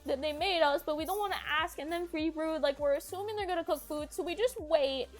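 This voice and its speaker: A woman's voice: high-pitched, fairly quick, faint music behind. A young woman streamer telling a long personal story in a rambling way, full of "like" and swearing. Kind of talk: casual storytelling to stream chat.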